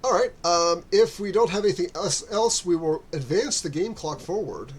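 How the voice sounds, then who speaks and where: A man's voice: high voice, expressive, moderate pace, husky. A man narrating as game master, rambling with many fillers and restarts.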